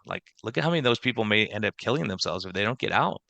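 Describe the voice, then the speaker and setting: A man hosting a podcast as a doctor, telling animated stories and acting out quoted conversations in casual chat. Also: on the low side, fast, gravelly, few pauses, no echo. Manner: energetic storyteller acting out quoted exchanges.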